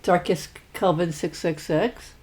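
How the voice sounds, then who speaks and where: A woman's voice: lowish voice, measured pace, a little mellow. A woman hosting a food channel, chatting casually and reading out viewer names and comments, with lots of fillers and restarts. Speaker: mukbang host. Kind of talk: casual chat reading viewer shout-outs.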